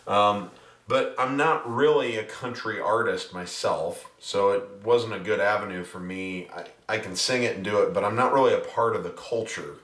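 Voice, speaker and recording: A man chats casually to his viewers in a rambling, self-deprecating way, often restarting his sentences. His voice sits fairly low and comes from a distance in a roomy space. Faint piano music plays behind him. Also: a bit bright. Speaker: pianist and singer, music teacher. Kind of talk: casual video blog talk. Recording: roomy sound from a distant mic.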